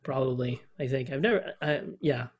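A man's voice: medium pitch, moderate pace, muffled recording. A man co-hosting a podcast in casual chat, rambling with frequent hesitations and laughter. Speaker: podcast co-host.

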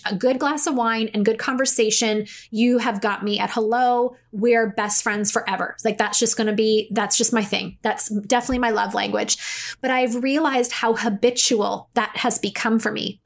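A middle-aged woman hosting her podcast, talking in a chatty, confessional way and laughing often. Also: fairly high pitch. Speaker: podcast host. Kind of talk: casual solo podcast monologue.

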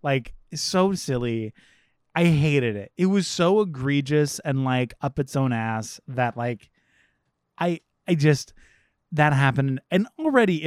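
A man's voice: medium pitch, darkish tone, no room sound, clean studio sound. A man co-hosting a podcast, ranting sarcastically and profanely about a film in casual chat. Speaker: podcast co-host.

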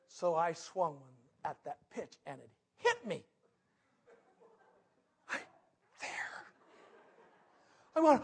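Animated, husky-voiced male preacher. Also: sits high, takes it slowly, pauses often. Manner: animated storyteller, swings from loud to hushed. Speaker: pastor. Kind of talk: sermon with personal story.

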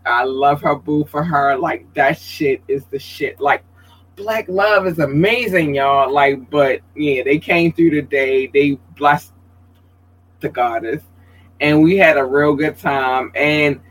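A man hosting a casual livestream podcast, chatty and expressive, talking straight to his viewers and reading out their comments, his voice leaping up high when he gets excited. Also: slow pace, poor audio. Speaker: podcast host.

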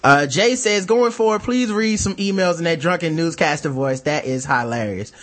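A man hosting a podcast, chatting casually and swearing freely. His voice sits a little high for a man. He fills his pauses with plenty of ums and uhs. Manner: relaxed, profane, many ums and uhs. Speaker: podcast host. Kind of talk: casual chat.

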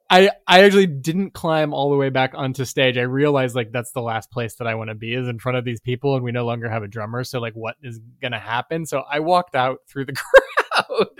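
A musician appears as a podcast guest, telling a rambling anecdote in a fairly high voice, laughing as he goes and leaning heavily on filler words. It's casual storytelling, captured as a dry, clean studio recording.

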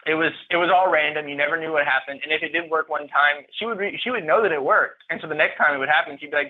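A man telling his own story as a podcast guest, speaking haltingly and often repeating or restarting phrases. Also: on the high side. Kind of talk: personal story in interview. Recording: tinny phone-like line.

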